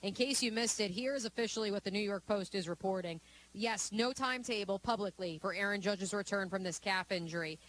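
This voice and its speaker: A woman co-hosting sports talk radio, reeling off stats and analysis in a fluent, steady delivery. A faint hiss sits under her voice. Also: mid-range voice, brisk. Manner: fluent, stat-heavy, analytical.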